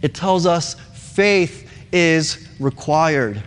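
A man's voice: fairly high pitch, animated, drawn-out words, smooth, in a large hall. A male pastor preaching a sermon in an earnest, emphatic way, repeating key words.

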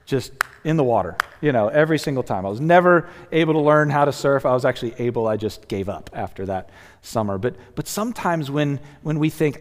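A man preaching a sermon as a pastor, earnest and conversational, often restarting and dropping to a hush. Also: medium pitch, a little fast. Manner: earnest, conversational, with many restarts and sudden soft drops. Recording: long hall reverb.

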